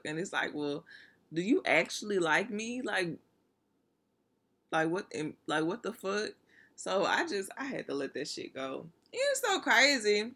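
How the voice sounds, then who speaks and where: A woman's voice: low voice, a bit bright. A woman talking straight to her listeners in a casual, candid monologue, blunt and full of profanity, laughing now and then.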